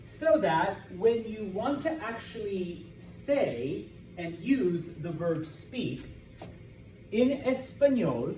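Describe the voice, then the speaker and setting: A man's voice: high voice, sing-song, slow pace, dark tone, slight background noise. An American man teaching a Spanish class, speaking informally with jokes and asking the students "okay?" again and again. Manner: informal, joking, checks understanding with constant "okay?". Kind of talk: classroom lecture with student call-and-response. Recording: echoey classroom, voice from a distance.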